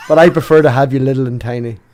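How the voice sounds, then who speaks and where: A man's voice: mid-range voice, racing, a little mellow. A man hosting a casual live stream chat with guests on a call, joking and laughing often. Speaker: stream host.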